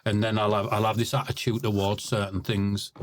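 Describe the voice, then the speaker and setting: A man's voice: fairly low pitch, little pitch movement, fairly quick. A blunt man telling stories as a podcast guest. He often repeats words as he starts a sentence. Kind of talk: casual storytelling.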